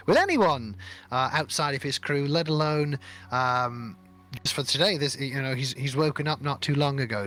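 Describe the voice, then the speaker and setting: A man's voice: medium pitch, fairly bright tone. A man narrating a tabletop game as dungeon master, rambling with many hesitations.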